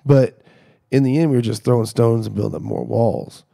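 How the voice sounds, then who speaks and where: A middle-aged man in a casual podcast chat, telling animated stories and acting out what people said. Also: mid-range voice, fairly quick, gravelly, husky. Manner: animated storyteller acting out quoted dialogue.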